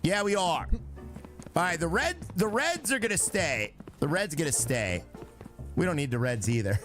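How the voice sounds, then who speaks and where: A man's voice: on the high side, very animated, normal speed, a bit bright, faint music behind. A young man live-streaming a game, chatting with his viewers and talking himself through it in a joking way. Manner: chatty, talks to himself and chat; joking, breaks into sung lines.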